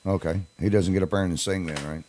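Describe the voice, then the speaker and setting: Deep-voiced folksy older man host. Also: fairly even intonation, fast, background noise. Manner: joking, folksy. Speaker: radio show host. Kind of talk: casual radio interview.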